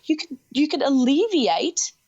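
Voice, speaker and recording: A woman hosting a podcast, talking enthusiastically in quick bursts and often interrupting herself. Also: sits high, big pitch swings, darkish tone. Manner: enthusiastic, talks in rapid bursts with self-interruptions. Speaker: podcast host. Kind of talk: casual podcast conversation. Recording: dull, muffled podcast audio.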